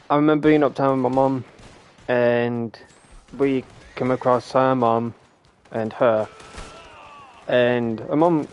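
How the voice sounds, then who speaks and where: A man's voice: mid-range voice, a little mellow. A young man telling a story in casual chat while gaming, rambling and swearing a lot. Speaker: streamer.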